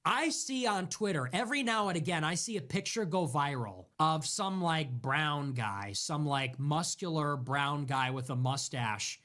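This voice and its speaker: A man's voice: on the high side, lively intonation, unhurried, hardly any pauses, pushed and bright. A man hosting a livestream show, delivering a sarcastic, exasperated rant in political commentary style.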